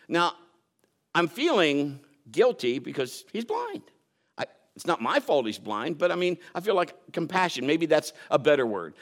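A man's voice: on the high side, wildly swooping pitch, normal speed. A man preaching a sermon, telling a personal story, acting out quotes and laughing at himself.

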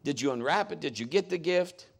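A man's voice: on the high side, animated, brisk, gravelly. Folksy, joking middle-aged male pastor. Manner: conversational, folksy, joking asides. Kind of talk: sermon.

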